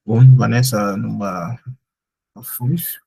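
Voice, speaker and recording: A man's voice: on the low side, steady tone, slow pace, gravelly, dark tone, slight background noise, rough recording. A man teaching German in a live online lesson, explaining patiently with lots of "like" fillers.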